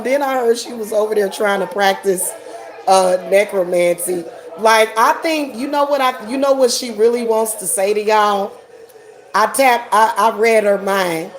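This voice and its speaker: A woman hosting a casual livestream rant, sassy and mocking, laughing often. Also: fairly high pitch. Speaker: host.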